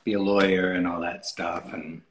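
A man's voice: deep voice, flat delivery, moderate pace, rough recording. A man talking as a guest in a casual interview, rambling with many fillers and restarts. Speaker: photographer guest. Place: podcast recording.

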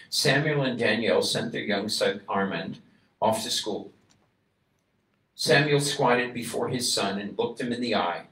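A man, a rabbi, telling a story in a sermon, acting out the voices of its people and building to loud, emphatic calls. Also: fairly low pitch, unhurried. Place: synagogue. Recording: echoey room, voice a bit distant from mic.

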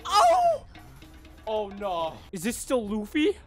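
A young man reacting live to an anime episode, excitable and swearing often, the show's music playing behind him. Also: very high-pitched, measured pace.

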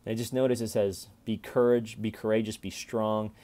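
A man in his forties giving a casual Bible reflection to camera, chatty and repetitive, with sudden loud playful callouts. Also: lowish voice, flat delivery, moderate pace. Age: 40s. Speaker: vlogger reading and reflecting on scripture.

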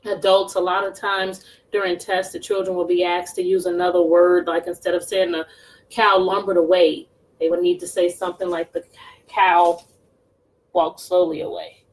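A woman teacher reading a picture book aloud to children, pausing to ask them questions. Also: on the low side, poor audio. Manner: slow, expressive, asks children questions. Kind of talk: storybook read-aloud lesson.

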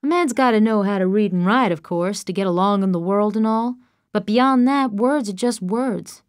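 A woman's voice: mid-range voice, normal speed, clear, resonant tone, dry recording, studio quality, natural voice. A woman doing a cocky teasing young farm man. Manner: drawling rural speech, teasing. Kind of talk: audiobook character voice.

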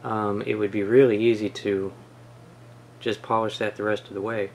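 A man casually explaining a product test as a hobbyist, relaxed, with many pauses and restarts. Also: lowish voice, slight background noise. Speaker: hobbyist reviewer. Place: home shed.

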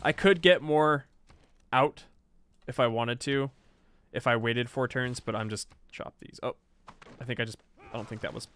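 A man's voice: mid-range voice, fairly even intonation, normal speed, long pauses, a bit bright, clean tone. Chatty self-mocking male gamer. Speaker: game streamer. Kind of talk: casual gameplay commentary.

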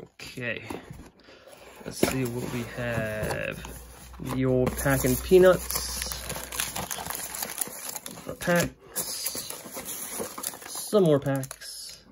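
A man hosting a casual box-opening video, sounding stuffy and congested, clearing his throat now and then. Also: mid-range voice, very noisy. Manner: relaxed, unhurried, clears throat often. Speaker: card-collecting channel host.

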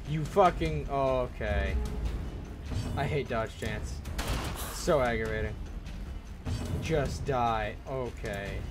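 A young man commentating on his gameplay, excitable, swearing and yelling at the game. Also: medium pitch, slow, pauses often, music in the background. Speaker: gaming video host.

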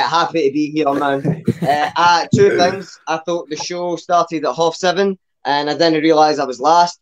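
Sweary Glaswegian man doing stand-up. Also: on the high side. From Scotland. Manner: rambling, sweary, ends lines with "man". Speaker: stand-up comedian. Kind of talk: stand-up set at an online open mic.

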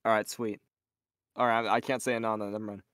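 A man's voice: on the low side, level tone, quick pace, fairly bright tone, dry recording, clean studio sound. A man who is a voice actor guest on a stream, chatting casually in a playful way and laughing often. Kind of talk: casual chat.

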